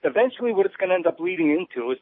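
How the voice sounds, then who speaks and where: A man's voice: sits high, sing-song, racing, no room sound. A man, a veteran, calling into a radio show, blunt and indignant, repeating his words as he argues. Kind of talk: call-in radio caller. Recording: tinny phone line.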